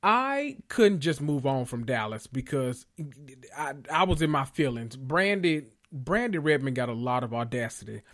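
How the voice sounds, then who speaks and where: A man hosting a podcast, recapping reality TV in a casual, animated, profane way with emphatic repetition. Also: medium pitch, normal speed. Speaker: podcast host.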